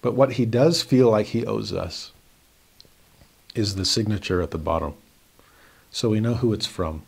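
A man's voice: on the low side, a little slow, creaky, slightly rough. A man, a religion teacher, giving a personal devotional talk and acting out his own inner dialogue as he tells the story.

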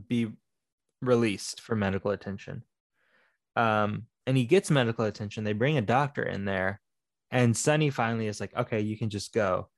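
A man's voice: lowish voice, gravelly, dry recording. Male podcast co-host, loose thinking-aloud film talk, dry close mic. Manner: rambling, thinking aloud with fillers. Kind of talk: casual film discussion.

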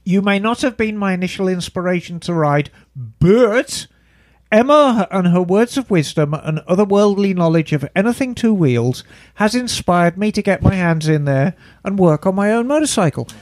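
A man's voice: high voice, animated, normal speed, a little mellow, no room sound, studio quality. A man co-hosting a podcast, reading a listener email aloud and breaking in with playful jokey asides. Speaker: podcast co-host.

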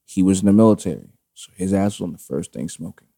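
A man with a deep, gravelly, warm voice talks at a quick pace. As a podcast guest in a casual chat, he tells a long personal story that rambles, packed with fillers and swearing.

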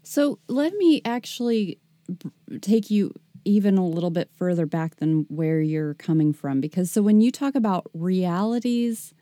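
A woman with a very dark, mellow voice hosts a podcast at an unhurried pace. She speaks in a chatty way, full of fillers and asides, and the sound is close and dry. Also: on the low side, lively intonation, no echo. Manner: warm, chatty, frequent laughter and fillers. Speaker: podcast host. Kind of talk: casual podcast chat.

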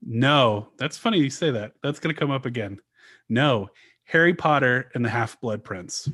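A man's voice: medium pitch, animated, moderate pace, bright, forceful tone, slightly rough. A man co-hosting a casual podcast, recounting a story at length with frequent restarts. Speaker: podcast co-host.

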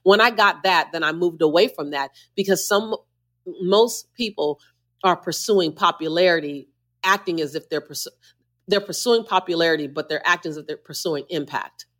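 A woman's voice: on the low side, normal speed, fairly bright tone. A woman who is a motivational speaker, a guest on a podcast interview, talking with emphatic, preacher-like repetition.

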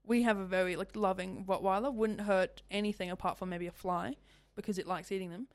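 A woman's voice: mid-range voice, fairly even intonation, a little fast, no echo. Woman, radio host, mid-range voice, dry close mic, loose rambling chat. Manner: chatty, rambling, self-interrupting. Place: radio studio.

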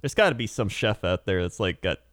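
Lively rambling man, dry sound. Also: fairly low pitch, a little fast, no echo. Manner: rambling, laughs often, lots of "like". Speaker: podcast co-host. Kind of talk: casual chat.

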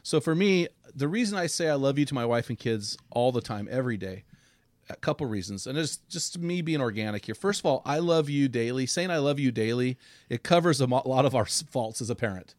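A middle-aged man hosting a casual men's podcast speaks earnestly and heartfeltly, almost like a preacher, and he's choked up. His mid-range voice is brisk, a little mellow, with lively intonation and no echo.

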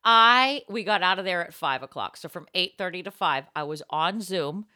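A woman co-hosting a comedic casual chat, an animated storyteller who laughs often. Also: fairly low pitch, moderate pace.

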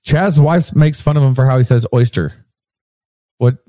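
A man's voice: medium pitch, fairly quick, dark tone, no room sound. Man, co-host, casual banter, teasing, swears, dry close sound.

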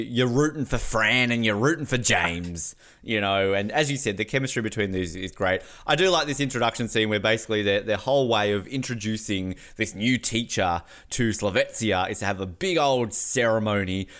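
A man's voice: on the low side, fairly bright tone. A man co-hosting a podcast in casual chat, rambling and joking with crude asides. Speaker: podcast co-host.

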